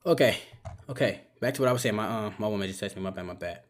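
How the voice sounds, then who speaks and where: A man's voice: fairly low pitch, rapid-fire, heavy background noise. Impassioned, swearing male streamer. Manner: impassioned, profane, preachy. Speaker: live streamer. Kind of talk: live stream reaction talk. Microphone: phone.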